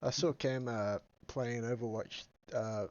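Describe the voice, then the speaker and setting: A man's voice: medium pitch, fairly even intonation, unhurried, no echo, highs cut off. A man in casual podcast chat, teasing his friends and swearing a lot. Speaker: podcast co-host.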